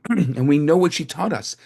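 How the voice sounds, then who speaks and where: A man's voice: a little high, animated, unhurried, gravelly, a little mellow, breathy edge. A man giving a sermon as a rabbi, telling stories in a loose conversational way, often restarting and repeating himself. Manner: conversational, with frequent restarts and repetitions. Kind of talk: storytelling sermon to a live group.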